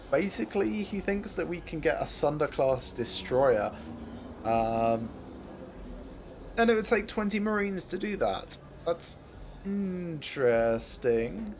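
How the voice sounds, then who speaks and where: A man giving casual gameplay commentary as a streamer, thinking aloud with many filler pauses. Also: mid-range voice, noisy background.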